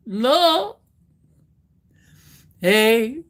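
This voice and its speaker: A woman's voice: on the low side, animated, slow, long pauses. A woman chatting on a livestream as a card reader, silly and playful, answering comments and slipping into joke voices. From United States. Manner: silly, playful, jumping between put-on accents and sing-song bits. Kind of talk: casual livestream chat.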